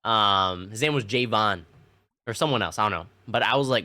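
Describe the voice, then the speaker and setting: A young man on a stream casually shares childhood stories with his chat, full of slang, laughter, and frequent restarts. His animated voice is on the low side and keeps a moderate pace.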